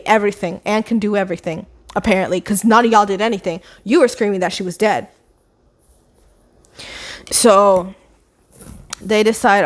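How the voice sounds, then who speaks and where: A woman's voice: medium pitch, steady tone, a little slow. A woman retelling a novel's plot in a casual, chatty ramble, with sarcastic asides. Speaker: book vlogger.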